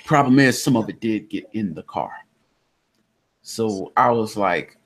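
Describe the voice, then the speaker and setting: Husky-voiced man telling a story. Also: fairly low pitch, a little slow. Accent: Southern American. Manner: animated storyteller, acts out quotes loudly. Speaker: podcast host. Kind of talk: casual chat, storytelling. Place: indoors during a thunderstorm. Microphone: online call connection.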